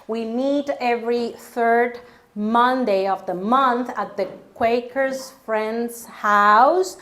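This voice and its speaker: A woman with a fairly high voice telling a story live on stage at an unhurried pace. She is animated and self-mocking, leaping up in pitch when she acts out her own panic and laughing along.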